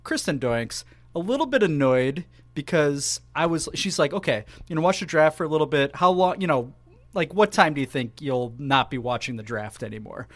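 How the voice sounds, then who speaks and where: A man's voice: fairly high pitch, animated, normal speed, fairly bright tone, no room sound. A man co-hosting a casual sports podcast, rambling in a playful, self-mocking way. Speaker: podcast co-host.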